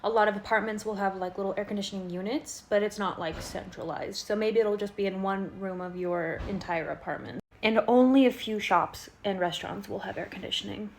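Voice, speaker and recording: A woman's voice: brisk, few pauses, a little hiss or hum. Chatty young woman vlogging to camera. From Colorado, United States. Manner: chatty, heavy use of "like", acts out quoted people in higher voices. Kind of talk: casual talking-to-camera vlog.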